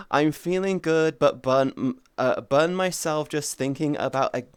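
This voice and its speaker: A playful woman in her early thirties talks casually to her stream audience, teasing them and swinging from bright squeals to low mumbles. Her voice is smooth and clear, and her talk is slow and drawn out. The sound is dry and close, with no room echo. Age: 30s. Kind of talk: casual chat with viewers.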